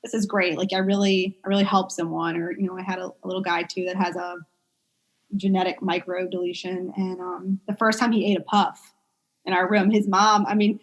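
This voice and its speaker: A woman working as a pediatric speech therapist, chatting casually in an interview and telling stories with lots of fillers and animated quoted voices. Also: on the low side, a little fast. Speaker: pediatric speech-language pathologist guest.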